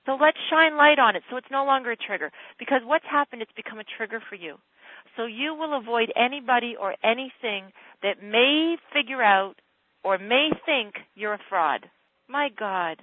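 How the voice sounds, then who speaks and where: On a dry, narrow phone line with no echo, a woman coach with a slightly high voice talks with a client. She speaks directly, insistently, and emphatically.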